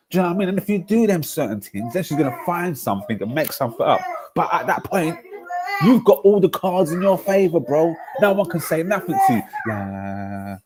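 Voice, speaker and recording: A man, hosting a casual football livestream, ranting in slang and swinging between loud outbursts and low mutters. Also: fairly quick, background noise. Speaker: football streamer.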